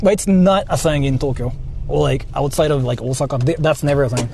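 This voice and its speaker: A man's voice: mid-range voice, a little fast, creaky, darkish tone. A man vlogging while he drives, talking in a rambling, casual way, full of fillers and swearing. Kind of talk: casual chat while driving. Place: in a car. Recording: faint road noise in a car. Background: faint car and street noise.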